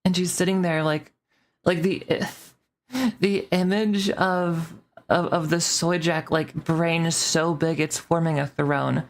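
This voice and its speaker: Low-voiced rambling woman streamer. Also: fairly even intonation, slow pace. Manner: rambling, swearing, many restarts. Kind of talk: casual rant to stream chat.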